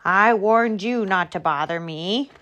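A woman voicing a big, grumpy, sleepy male bear who speaks slowly with a growl. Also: mid-range voice, fairly bright tone, lightly acted. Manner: slow and growling.

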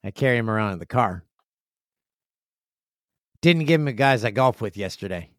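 A man's voice: expressive, moderate pace, no room sound, clean studio sound. A man hosting his podcast in a casual, jokey chat, reading emails and acting out friends' reactions. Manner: chatty, jokey, acts out friends in loud high voices. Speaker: podcast host. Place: home studio with stairs nearby.

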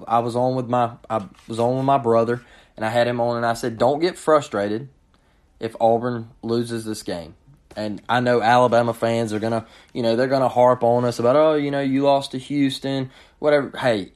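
A man hosting his own sports show, giving frustrated, ranting commentary and often repeating himself. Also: mid-range voice. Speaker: sports podcast host.

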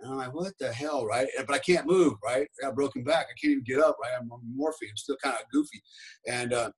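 A man's voice: medium pitch, sing-song, fast talker, husky, rough recording. A man, a podcast guest and former special forces soldier, telling a rambling story in casual talk, peppered with "right?" and "man".

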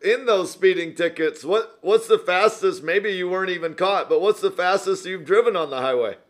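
A man's voice: sits high, moderate pace. A man hosting a casual interview, asking easygoing questions and laughing along with his guest. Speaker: podcast host.

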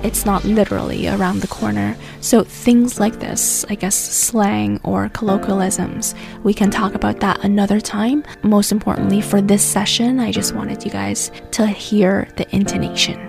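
Gravelly-voiced woman teaching English. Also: medium pitch, steady tone, over music. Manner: gentle, explanatory, speaks slowly. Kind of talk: casual lesson talk. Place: based in the US.

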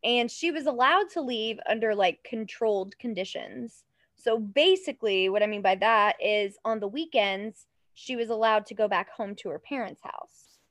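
Animated high-voiced woman telling a story. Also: normal speed, dry recording, clean studio sound. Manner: animated, laughs often, stumbles over words. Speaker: podcast co-host. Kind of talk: casual true-crime storytelling chat.

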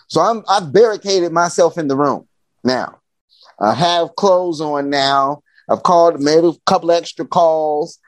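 A man's voice: on the high side, unhurried, dry recording. A young adult man from Chicago, a podcast guest telling a comic story and acting out the voices of the people in it. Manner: animated, acts out voices of people in his story. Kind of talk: comedic storytelling.

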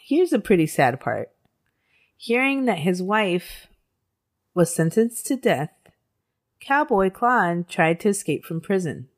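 A woman's voice: medium pitch, very animated, takes it slowly, long pauses. A woman co-hosting a podcast, telling a true-crime story in a casual way, with swearing and laughter. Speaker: podcast co-host.

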